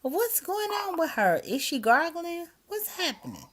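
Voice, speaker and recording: A woman vlogging on her phone at night, talking to her viewers in a chatty, incredulous way, sometimes dropping to a hush. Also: extremely high pitch, big pitch swings, unhurried. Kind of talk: casual commentary to viewers. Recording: noisy phone recording, snoring behind.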